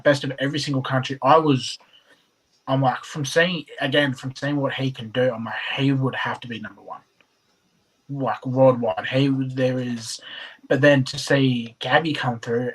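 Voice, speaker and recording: Husky earnest man. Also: mid-range voice, low-quality recording. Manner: earnest, stumbling restarts. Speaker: competitor. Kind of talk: casual interview answers.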